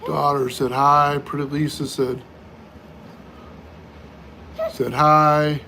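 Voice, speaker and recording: A man's voice: on the high side, flat delivery, unhurried, gravelly, bright, forceful tone, a little hiss or hum. A middle-aged man hosting a casual livestream, reading viewer comments aloud and answering each one in turn. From United States. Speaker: livestream host.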